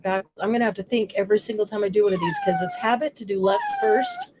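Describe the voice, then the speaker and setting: Chatty woman crafting host, lively voice. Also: fairly high pitch, quick pace, background noise. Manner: chatty, coos baby talk to her dog. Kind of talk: casual live craft stream chat.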